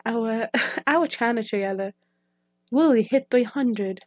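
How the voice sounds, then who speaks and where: A young woman who reacts to online videos chats casually, her voice slightly high with a darkish tone and a slow pace. She sounds hesitant and emotional, trailing off and starting over, and the recording is dry.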